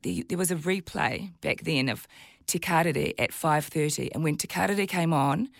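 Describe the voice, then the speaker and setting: A New Zealand woman in her forties, a guest on a talk show, telling her own story in an animated way and jumping up in pitch when she quotes herself. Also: normal speed, gravelly, dry recording, clean studio sound. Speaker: guest, TV presenter and mother of twins. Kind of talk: candid interview chat.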